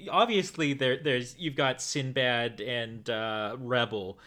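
A man rambles through his thoughts on a podcast, with fillers in nearly every sentence. His voice is bright and crisp, at a middle pitch. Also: slow. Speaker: podcast co-host. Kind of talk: casual chat.

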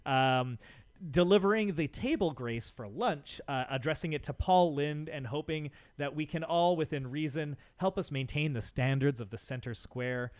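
A man's voice: on the high side, normal speed, a little mellow, dry recording. A man co-hosting a podcast, recapping an episode in casual chat with enthusiasm and frequent laughs. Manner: enthusiastic, laughs between points. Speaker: podcast co-host.

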